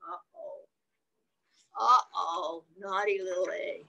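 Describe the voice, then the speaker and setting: A woman's voice: a little high, lively intonation, slow, a bit bright, rough recording. A woman reading a picture book aloud to young children in a sing-song manner, stopping often to ask them questions. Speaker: children's storyteller.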